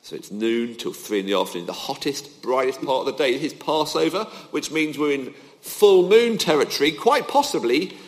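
A man's voice: mid-range voice, lively intonation, normal speed. A man preaching a sermon, emphatic, with his voice rising and falling to drive points home. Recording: long hall reverb.

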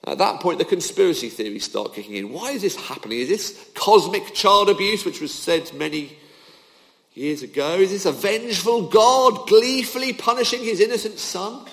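A man's voice: high-pitched, expressive, moderate pace, creaky, fairly bright tone. A man preaching a sermon, emphatic, with his voice rising and falling to drive points home. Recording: long hall reverb.

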